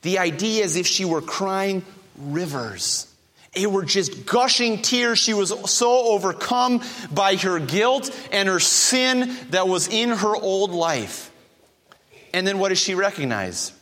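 A man's voice: sits high, a little slow, a bit bright. A male preacher delivering a sermon with emphatic repetition and rhetorical questions. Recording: long hall reverb.

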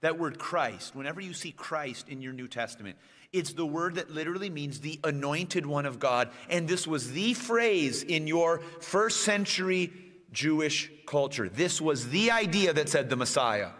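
A man delivering a sermon, pausing on slowed, stressed phrases and climbing into emphatic bursts. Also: fairly high pitch, animated, fairly bright tone. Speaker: preacher. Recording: long reverb of a church hall.

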